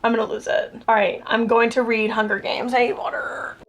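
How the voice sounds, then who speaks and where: A woman's voice: fairly high pitch, little pitch movement, a little fast, vocal fry. Chatty young woman vlogging. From Southern US. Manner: chatty, swears freely, rants with amusement. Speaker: book vlogger. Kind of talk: casual reading vlog chat.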